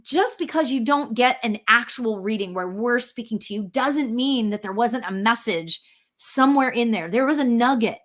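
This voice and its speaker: An enthusiastic woman hosts a casual spiritual chat show, her voice sitting a little high. She exclaims often and keeps the talk friendly and flowing. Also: expressive, moderate pace. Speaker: host.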